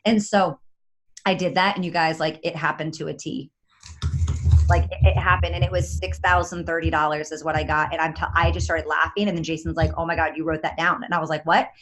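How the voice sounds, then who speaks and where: A woman giving an energetic, chatty motivational talk as a guest on a video call, with many fillers. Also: sits low, brisk, a little hiss or hum. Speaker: guest speaker.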